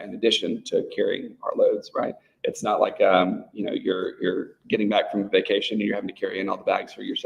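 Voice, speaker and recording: A man with a low, gravelly voice leads a Bible study for a small group in a church room. He teaches in a loose, conversational way and keeps asking "right?" to check that his listeners are following. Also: poor audio.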